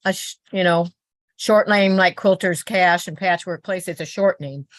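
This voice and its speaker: A woman's voice: fairly low pitch, steady tone, moderate pace, no echo. A woman quilter in casual video-call chat, often restarting as she hunts for names. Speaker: quilter in an online group chat.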